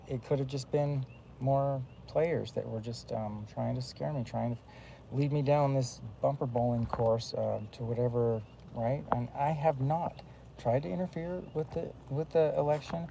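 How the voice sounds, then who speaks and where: A man's voice: medium pitch, steady tone, moderate pace, gravelly, dark tone, slight background noise, low-quality recording. A man rambling in a casual monologue, full of fillers and restarts. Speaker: vlogger.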